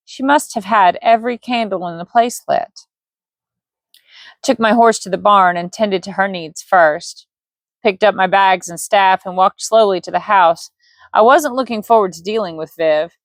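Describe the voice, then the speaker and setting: Casual woman storyteller, relaxed reading, dry close sound, mid pitch. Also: no echo. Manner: relaxed, with offhand slips and asides. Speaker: audiobook reader.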